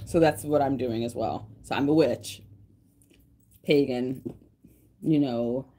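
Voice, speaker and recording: A woman's voice: a bass voice, slow, warm tone, slight background noise. A woman hosting a livestream, chatting casually in a rambling, emotional way with many restarts. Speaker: livestream host and tarot reader.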